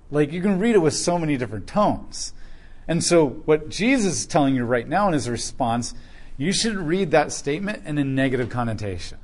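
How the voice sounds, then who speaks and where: Animated man teaching from scripture. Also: on the high side, normal speed. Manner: animated, acts out the voices in the passage. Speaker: preacher. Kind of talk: expository Bible teaching.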